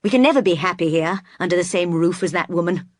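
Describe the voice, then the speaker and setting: An impassioned, brooding gentleman, master of a great house, read by a woman narrator. He pleads and presses hard in an audiobook reading, pitched slightly low. The sound is dry and close, with no room around it. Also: fast talker, dry recording, natural voice. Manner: pleading and impassioned, sometimes forceful.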